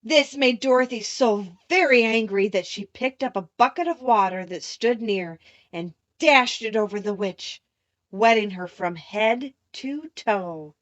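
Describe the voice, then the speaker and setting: A woman reading a children's classic aloud as an audiobook narrator, steady and clear. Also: on the high side, a little slow, no echo, highs cut off. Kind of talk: scripted storybook narration.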